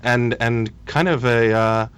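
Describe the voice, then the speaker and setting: A man in his thirties speaks as a policy guest on a radio interview. His voice is smooth and resonant, and he talks haltingly, stopping and restarting his sentences as he searches for words. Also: mid-range voice, steady tone, a bit bright. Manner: hesitant, halting, many restarts.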